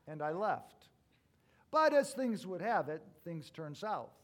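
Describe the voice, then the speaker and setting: High-voiced male pastor preaching. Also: expressive, a little slow. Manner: storytelling with wide swings from loud to hushed. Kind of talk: sermon.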